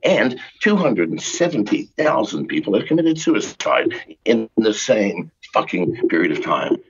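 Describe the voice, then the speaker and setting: Older male guest, husky, swooping pitch, profane exasperated rant, muffled lo-fi line. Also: very animated, a little slow. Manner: profane, exasperated ranting with sarcastic jokes. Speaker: podcast guest. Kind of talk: ranting call-in interview.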